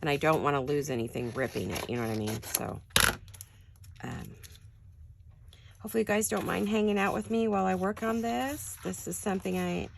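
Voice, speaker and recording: An older woman with a raspy early-morning voice chats quietly and casually to her viewers while she works on a craft project in her home studio. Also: fairly low pitch, animated, a little fast, noisy background. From California. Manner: quiet, chatty, addresses viewers directly. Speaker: crafting channel host.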